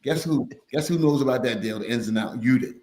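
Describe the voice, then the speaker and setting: A man's voice: medium pitch, fast talker. Male guest, rambling storyteller, roomy echoey sound. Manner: rambling, repeats words, animated retelling. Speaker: podcast guest, finance course teacher. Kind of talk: casual storytelling chat. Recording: roomy echo.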